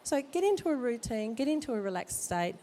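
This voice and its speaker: With big pitch swings in a fairly high, mellow voice, a woman with a cold speaks fairly quickly. She's a midwife at a baby expo, giving jokey, direct advice to expectant parents in an informal talk held in the expo hall.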